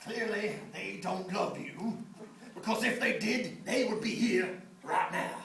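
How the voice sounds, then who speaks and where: A woman voicing a smug, bossy male lizard that lives in the brain, speaking loudly and commandingly on a theatre stage. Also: medium pitch, measured pace, vocal fry, a little hiss or hum, voice pushed down. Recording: echoey stage audio from far off.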